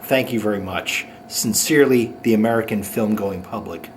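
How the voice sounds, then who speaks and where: A man hosting his own comedy show, ranting sarcastically with quick mocking asides. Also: lowish voice, slight background noise. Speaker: host. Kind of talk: sarcastic comic monologue.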